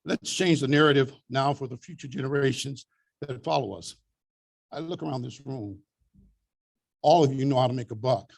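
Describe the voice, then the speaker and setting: A man over seventy giving an earnest, measured speech as an honoree at an awards event. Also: mid-range voice, creaky. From Des Moines, Iowa.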